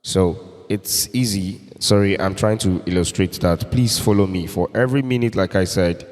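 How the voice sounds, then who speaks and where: A man hosting a casual keyboard tutorial, explaining slowly and repeating points as he demonstrates loops. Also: deep voice, a little mellow, long reverb tail. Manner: slow, explanatory, repeats himself. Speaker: music tutorial host selling keyboard loops.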